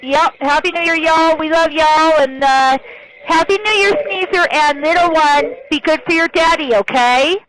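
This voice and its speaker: A woman's voice: sits high, normal speed, crowd noise, poor audio. A woman calling in to a radio show, chatting in a folksy, affectionate way. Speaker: caller.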